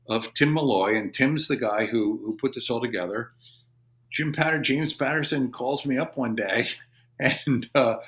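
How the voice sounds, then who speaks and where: With a creaky, somewhat bright mid-range voice, a veteran in his fifties tells casual, meandering anecdotes as a podcast guest in the studio, performing the dialogue of people he's quoting.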